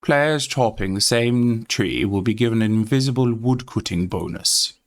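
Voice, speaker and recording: A man's voice: medium pitch, normal speed. A man with a Yorkshire accent, chatting casually on a game stream and reading notes aloud with many fillers. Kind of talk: casual live-stream chat.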